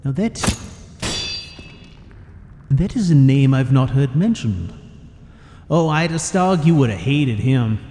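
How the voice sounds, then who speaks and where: A man's voice: mid-range voice, animated, slow pace, pauses often, dark tone. A man voicing a rambling, folksy older male Nord warrior who tells old war stories in a game story. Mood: reminiscing. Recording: long reverb, faint music behind.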